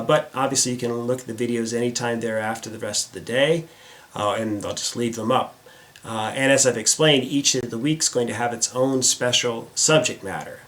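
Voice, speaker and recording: A man's voice: medium pitch, fairly bright tone. A middle-aged man from the United States hosting a casual vlog, chatty and self-deprecating, with frequent filler words. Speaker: vlog host. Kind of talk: casual direct-to-camera vlog.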